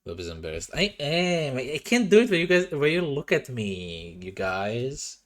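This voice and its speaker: A man's voice: mid-range voice, very animated, moderate pace. A young man streaming from home into a desk mic, chatting casually with his viewers, swearing and sounding self-conscious. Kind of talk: casual livestream chat. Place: home room. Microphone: desk microphone.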